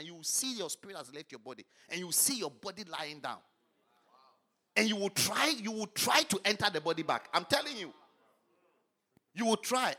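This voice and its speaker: A man preaching a fervent sermon, swinging between shouted lines and low murmurs.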